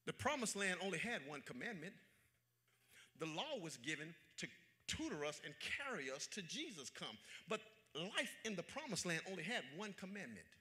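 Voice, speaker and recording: Fiery high-voiced preacher. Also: male voice, big pitch swings, moderate pace. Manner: emphatic preaching, swinging from shouts down to near-whispers; repeats phrases for emphasis, half-sings lines. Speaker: pastor. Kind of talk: sermon. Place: church sanctuary.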